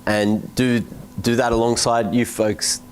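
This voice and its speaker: A man's voice: mid-range voice, level tone, a little slow, slight background noise, poor audio. A man from Australia with an Australian accent, talking in an easygoing, matter-of-fact way in a comedy sketch. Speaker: esports guest.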